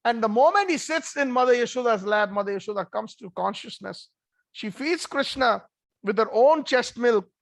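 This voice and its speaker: A man giving an animated devotional storytelling talk with conversational asides. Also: very high voice, normal speed, gravelly, no echo. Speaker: devotional speaker.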